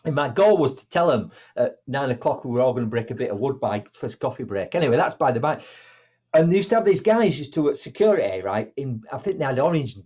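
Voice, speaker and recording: Husky guy, middle-aged, tells stories and does all the voices, dull lo-fi sound. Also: medium pitch, quick pace. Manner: animated, acts out dialogue in different voices. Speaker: motivational speaker, guest. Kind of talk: conversational storytelling.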